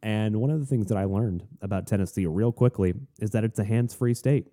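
A young man from Florida, hosting a podcast, tells a rambling, animated story in a casual rant with frequent restarts and asides. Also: fairly low pitch, fairly quick. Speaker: podcast host. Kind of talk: casual ranting monologue.

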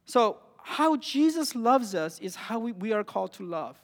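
A man preaching a sermon in an earnest way, rising to emphatic phrases and dropping to quiet ones. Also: high-pitched, big pitch swings, moderate pace, long reverb tail.

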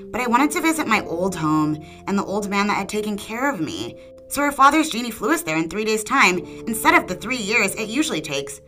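A woman's voice: lowish voice, pushed and bright, low-quality recording. A woman hosting a storytelling podcast, narrating a folktale and giving the characters small changes of voice. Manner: reads dialogue with small voice changes. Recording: faint guitar music behind. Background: faint guitar music.

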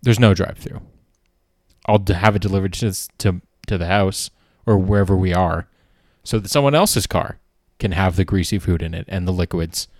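A man's voice: deep voice, moderate pace, dry recording, clean studio sound. A man hosting a podcast in a casual comedic monologue, rambling and sardonic and swearing freely. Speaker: podcast host.

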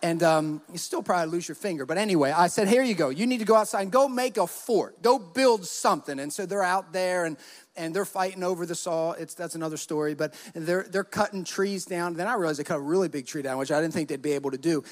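Brief: male pastor, high voice, lively storyteller, church hall reverb. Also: fast. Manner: animated storytelling, acts out quotes. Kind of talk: sermon with personal stories.

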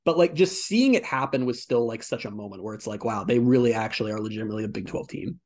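A man's voice: on the low side, animated, quick pace. A young man co-hosting a sports podcast, chatting casually with lots of fillers. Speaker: podcast co-host.

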